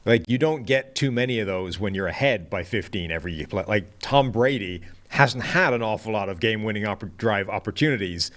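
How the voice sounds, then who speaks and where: Male co-host, very low voice, dry wit. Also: fairly quick, few pauses, a bit bright. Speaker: podcast co-host. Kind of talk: casual sports podcast chat.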